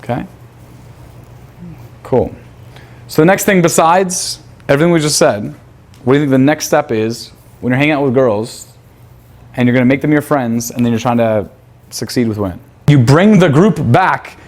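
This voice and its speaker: A man's voice: medium pitch, moderate pace, long pauses, darkish tone. A man teaching a seminar class in a crude, profane manner. He quizzes his students and acts out pickup lines. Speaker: seminar instructor.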